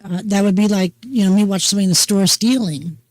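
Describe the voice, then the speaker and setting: A woman's voice: mid-range voice, a little mellow, no echo, poor audio. Older lady hosting a talk show, folksy and chatty, rambles along easy, dry close sound. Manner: chatty, folksy, unhurried storytelling. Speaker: host. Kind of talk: casual chat.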